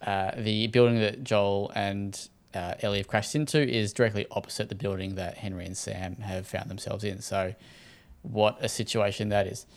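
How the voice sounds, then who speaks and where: A man with an Australian accent and a lowish, fairly even voice casually recaps a show episode as a podcast co-host. Speaking at a moderate pace, he rambles in a laid-back way, swearing and laughing often.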